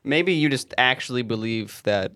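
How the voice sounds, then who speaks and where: A man's voice: medium pitch, normal speed, bright, forceful tone, no echo, studio quality. A young man co-hosting a podcast in casual chat, laid-back and playfully teasing. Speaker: podcast co-host.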